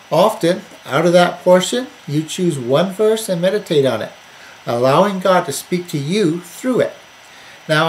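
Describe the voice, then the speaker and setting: A man giving a recorded Bible study lesson, earnest and measured, repeating phrases with shifting emphasis. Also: on the high side, slight background noise, rough recording. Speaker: Bible teacher.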